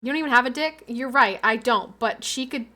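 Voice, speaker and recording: A woman's voice: fairly high pitch, fairly quick, pushed and bright. A young woman streamer chatting casually, blunt and crude, often laughing. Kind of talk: casual chat.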